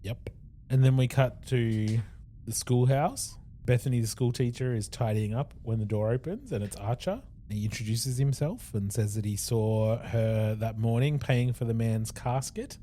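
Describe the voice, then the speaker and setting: Man, podcast co-host, casual recap, middle pitch, acts out quoted dialogue. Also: moderate pace, warm tone. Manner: recaps the plot at length and acts out quoted lines. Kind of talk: casual episode recap chat.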